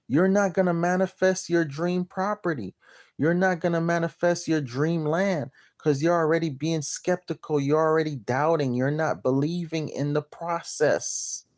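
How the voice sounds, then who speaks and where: A man's voice: on the high side, darkish tone. A man selling land and property, delivering a crude, blunt, repetitive rant to his viewers. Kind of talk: profane motivational rant to camera.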